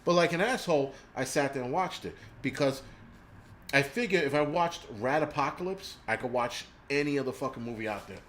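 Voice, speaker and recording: A man talks on his live stream in a loose, profane rant, full of fillers and restarts. His pitch sits in the middle for a man. A faint hum of room ambience stays in the background. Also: brisk. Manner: profane, animated ranting with frequent fillers.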